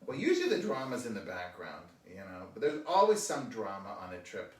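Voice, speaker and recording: A man's voice: on the low side, fairly quick, distant mic. A man in his forties, a priest hosting a casual chat, reading viewer comments and telling funny stories with lots of laughter. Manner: animated storyteller, laughs often, mimics accents. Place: roomy indoor room, rectory. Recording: echoey room, voice off-mic.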